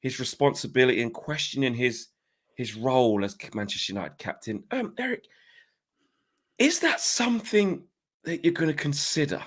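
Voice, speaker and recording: A man impersonating a male football journalist slowly putting a question to a manager. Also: medium pitch, sing-song, fairly bright tone. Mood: probing.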